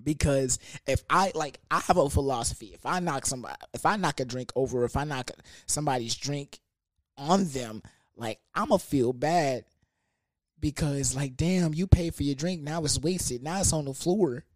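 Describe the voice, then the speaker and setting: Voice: medium pitch, moderate pace, no echo, clean studio sound. A young adult telling a comedic storytime about a party, in a loose, slangy, profane manner with lots of fillers. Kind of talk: casual storytime monologue.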